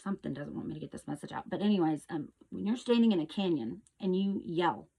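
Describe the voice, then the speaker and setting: A woman's voice: on the low side, animated, fast talker, creaky, slightly rough. Earnest woman teaching about energy. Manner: earnest, repetitive, with restarts and loud echo demonstrations. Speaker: host. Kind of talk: casual spiritual teaching monologue.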